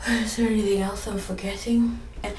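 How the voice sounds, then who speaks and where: A woman's voice: mid-range voice, level tone, moderate pace, darkish tone, slight background noise. A pregnant woman chatting on her home vlog, tired and earnest, rambling through her thoughts. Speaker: vlogger sharing her pregnancy journey. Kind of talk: casual vlog chat. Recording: roomy echo, a bit off-mic.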